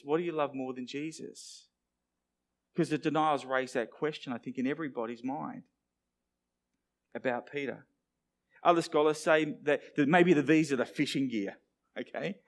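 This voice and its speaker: A middle-aged man, preaching a sermon and acting out the lines he quotes. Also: fairly high pitch. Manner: animated, acts out quoted dialogue. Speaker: pastor.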